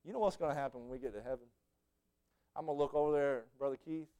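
A male preacher, giving a sermon full of stories. His voice drops low and then bursts out in shouts. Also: quick pace, smooth. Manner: storytelling, swings from hushed to shouting.

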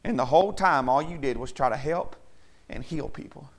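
A male pastor preaching a sermon, swinging from shouted exhortation to quiet, folksy talk. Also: on the high side, expressive, moderate pace, creaky.

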